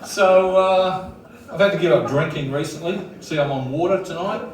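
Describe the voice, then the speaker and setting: A man's voice: on the high side, moderate pace. A man with an Australian accent doing a crude, swaggering stand-up set on a comedy club stage. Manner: crude, swaggering bikie persona. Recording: very echoey room, distant, noisy.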